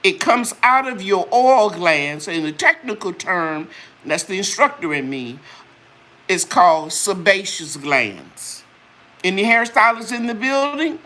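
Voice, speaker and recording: A woman's voice: medium pitch, expressive, unhurried, pushed and bright. An older woman hosting a live chat, sharing a personal testimony with religious fervor before talking about her products. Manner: earnest, preachy, talks straight to viewers. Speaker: channel host selling her products.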